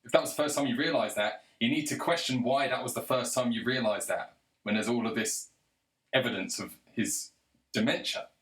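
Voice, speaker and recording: A man rants straight to the camera, angry and sarcastic, swearing freely as he goes. His voice sits at an ordinary male pitch, and the room around him lends a noticeable echo. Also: brisk, fairly bright tone. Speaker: video commentator. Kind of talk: ranting monologue. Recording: roomy echo.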